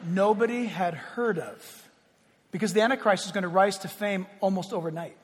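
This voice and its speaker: High-voiced husky preacher in a hall. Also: male voice, moderate pace. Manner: emphatic, swings from loud to hushed. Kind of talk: sermon. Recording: long hall reverb.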